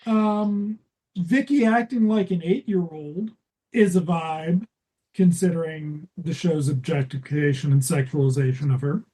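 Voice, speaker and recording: A woman's voice: low-pitched, a little slow, warm tone, husky, poor audio. A woman co-hosting a comedy podcast, chatting casually and retelling plots with laughter. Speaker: podcast co-host.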